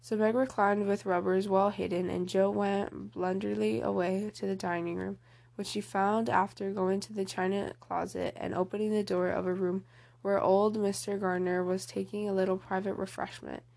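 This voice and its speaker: Woman reading a classic, gravelly low-key voice. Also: flat delivery, moderate pace, darkish tone. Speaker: audiobook reader. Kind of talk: storybook reading of a classic novel.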